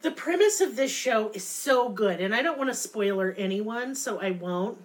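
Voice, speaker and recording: A woman's voice: mid-range voice, lively intonation, moderate pace, poor audio. Profane ranting young woman. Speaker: podcast co-host. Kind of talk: casual chat.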